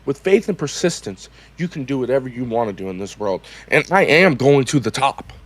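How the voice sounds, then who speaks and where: A man co-hosting a livestream, talking in a halting, rambling way. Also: medium pitch, animated. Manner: halting, rambling, with false starts. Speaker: co-host of a livestream show. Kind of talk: casual livestream chat.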